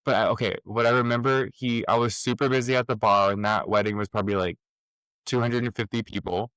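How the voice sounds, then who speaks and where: A man's voice: fairly low pitch, fairly even intonation, fairly quick, a bit bright, clean tone, no room sound. Rambling young-sounding man, dry close mic. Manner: rambling, heavy on "like", laughs often. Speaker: podcast co-host. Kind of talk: casual chat.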